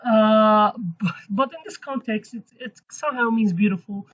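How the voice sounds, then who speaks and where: Husky-voiced woman teaching a casual lesson. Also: a little high, normal speed, fairly bright tone. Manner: chatty, self-correcting, playful asides. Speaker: language teacher. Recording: dull lo-fi recording.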